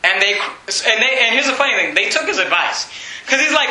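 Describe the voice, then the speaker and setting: Man, pastor, sermon, very high bright voice, echoey room. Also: sing-song, fast. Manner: preaching with mocking impressions and laughs.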